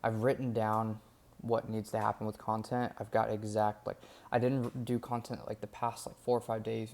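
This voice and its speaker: A man's voice: on the low side, completely flat delivery, fairly quick, vocal fry, darkish tone. A young man talking through his day in a casual vlog, rambling and candid with lots of fillers. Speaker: vlogger documenting his days.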